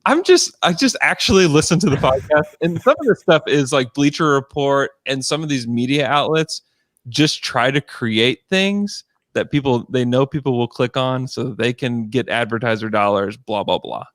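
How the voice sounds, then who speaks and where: Young male co-host, defensive ranter, mid pitch, dry. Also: moderate pace, no room sound. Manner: defensive, animated ranting. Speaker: podcast co-host. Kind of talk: casual chat.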